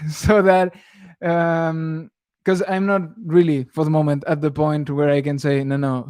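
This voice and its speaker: A young man talks loosely through a live Q&A about guitar, wandering off mid-sentence and chuckling as he goes. His voice sits a little high for a man, and the sound is close and dry with no room around it. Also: a little mellow, clear, resonant tone, no echo. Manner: rambling, self-interrupting, chuckles often. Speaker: guitar teacher. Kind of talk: casual live stream Q&A.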